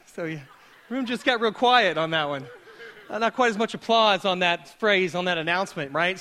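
Man preaching, thirties, high bright voice, storytelling with jokes to a congregation. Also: a little hiss or hum. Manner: casual, joking, animated storytelling. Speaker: pastor. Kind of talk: conversational sermon with humor. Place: church hall before a live audience.

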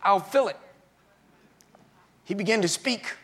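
A man preaching in a sermon, telling his own story with halting restarts and swings between hushed and loud moments. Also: sits high. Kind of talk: sermon testimony.

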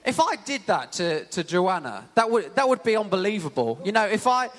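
Young guy giving a chatty sermon, high voice, big church hall echo. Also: normal speed. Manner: conversational, animated storytelling with many fillers. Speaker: preacher. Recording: long church hall reverb.

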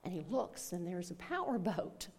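A woman pastor preaching a sermon, telling a story in a slow, deliberate way. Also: lowish voice, very animated, a little mellow, husky.

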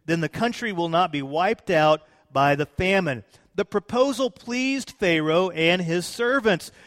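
A man preaching a sermon, retelling scripture with lively, playful asides to his congregation. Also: sits high, big-room sound. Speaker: pastor.

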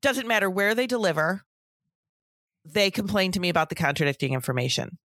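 A woman's voice: lowish voice, sing-song, fairly quick, a bit bright, no echo, clean studio sound. A middle-aged woman co-hosting a casual podcast, speaking emphatically with exasperated asides about work in a pediatric office. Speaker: podcast co-host, breastfeeding professional.

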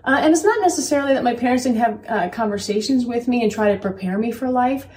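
A mother telling candid stories about parenting in an earnest, animated way as a guest. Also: a little high, fast, far from the mic. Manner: earnest, animated, quotes herself. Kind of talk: candid conversational storytelling. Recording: echoey room, voice from off-mic.

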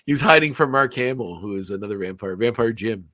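A man's voice: on the low side, animated, brisk, hardly any pauses, pushed and bright, no echo. A man hosting a podcast, casually recapping a cartoon episode and rambling along with lots of fillers and laughs. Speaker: podcast host.

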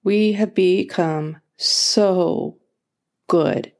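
A middle-aged woman hosts a faith-based podcast, talking through a personal story in a relaxed, conversational way. Her voice sits low and has a gravelly edge. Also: drawn-out words. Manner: conversational storytelling with fillers and restarts. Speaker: podcast host.

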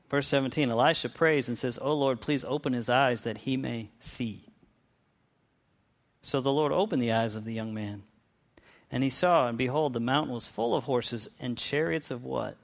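A man's voice: medium pitch, moderate pace, gravelly, a bit bright. A man preaching a conversational sermon, often restarting phrases and acting out the people in the stories. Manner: conversational, with frequent restarts and acted-out quotes.

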